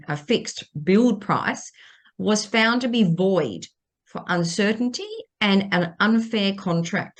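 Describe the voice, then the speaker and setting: A middle-aged woman, a lawyer giving advice on a podcast in an emphatic way, stressing and repeating her key points. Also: medium pitch. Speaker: property lawyer. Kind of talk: podcast legal advice chat.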